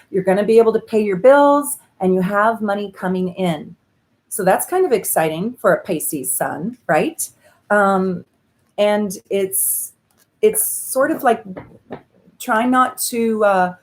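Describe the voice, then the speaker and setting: A woman astrologer hosting a casual live stream, chatting effusively and pulling tarot cards for viewers. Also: medium pitch. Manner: bubbly and effusive, with laughs and "um" fillers. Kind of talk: casual live-stream chat with card readings.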